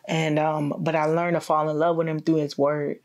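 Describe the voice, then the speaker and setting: A woman's voice: sits low, flat delivery, moderate pace, darkish tone. A woman guest sharing her faith testimony in an interview, telling it in a reflective way and acting out quotes.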